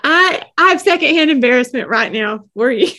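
A woman's voice: sits high, very animated, a little slow, noisy background. A woman with a Southern US accent co-hosting a podcast, gushing and enthusiastic with lots of giggles. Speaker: podcast co-host.

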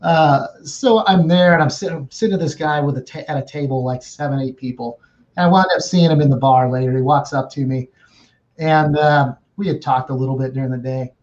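A man's voice: mid-range voice, brisk, darkish tone, muffled recording. A man, a guest running a remodeling business, telling a story casually and restarting his phrases often. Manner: repeats words and restarts phrases.

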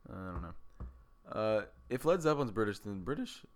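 Lively-pitched young man joking around. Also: moderate pace. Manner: playful, teasing. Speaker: podcast co-host. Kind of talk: casual chat.

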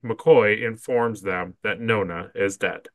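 A man's voice: on the low side, steady tone, slow, fairly bright tone, no echo. A man co-hosting a podcast, chatting casually with a friend and reading plot summaries aloud, laughing often and stammering when he gives his own opinions. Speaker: podcast co-host. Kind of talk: casual chat and reading episode recaps.

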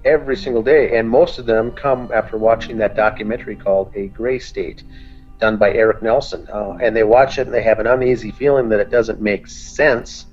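A man's voice: lowish voice, steady tone, a little fast, muffled recording, soft background music. A man co-hosting a true-crime podcast, going through facts methodically, point by point. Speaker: podcast co-host, group admin. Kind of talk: detailed discussion.

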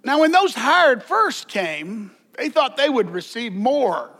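A man's voice: very high voice, big pitch swings, takes it slowly, a bit bright. A man preaching a sermon as pastor, conversational, with joking asides and repeated words.

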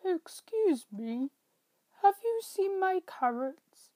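A woman voicing a small, gentle male rabbit who is easily upset in a storybook, in a soft, plaintive voice. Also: extremely high pitch, sing-song, slow pace, a little hiss or hum, voice pushed up, full character voice. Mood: plain.

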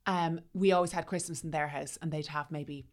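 A woman in her thirties, chatting casually and telling stories about her family with animated quoted voices. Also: low voice, a little fast. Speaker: guest. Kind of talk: casual chat.

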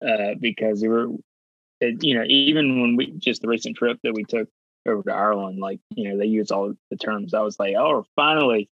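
A man's voice: lowish voice, steady tone, fairly quick, fairly bright tone, no room sound. A man chatting casually in an easygoing, agreeable way. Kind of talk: casual chat. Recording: dry, muffled.

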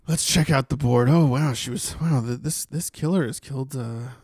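A crotchety old male detective, tired of the job and grunting through every line. A man acts him out in a gruff, middle-pitched voice, close and dry with no room sound. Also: normal speed, darkish tone, no echo, lightly acted.

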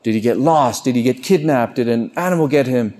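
Delivering a sermon with earnest conviction, this preacher raises his voice whenever he poses a question. For the most important lines he slows his pace and drops to a soft, low tone.

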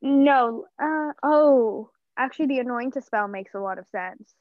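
A woman's voice: high-pitched, a little slow, no room sound. A young woman co-hosting a podcast, chatting casually and rambling with lots of fillers and self-mocking asides. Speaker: podcast co-host. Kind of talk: casual chat. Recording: muffled lo-fi podcast audio.

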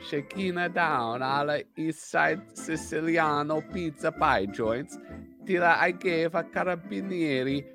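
A man's voice: a little high, unhurried, over music, voice pushed up. A man doing a put-on Italian accent as a boastful mobster legionnaire.

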